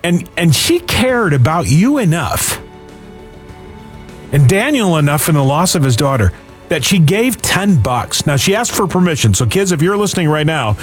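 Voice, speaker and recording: A man's voice: a little high, very animated, moderate pace, faint music behind. A man hosting a fundraising radio show, talking earnestly with frequent restarts. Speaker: radio host.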